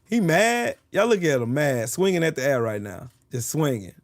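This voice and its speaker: Mocking, trash-talking man, slightly high voice. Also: sing-song, normal speed, no echo, studio quality. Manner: taunting, mocking, repeats his jabs; profane, boastful. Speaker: streamer arguing with chat. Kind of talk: livestream trash talk.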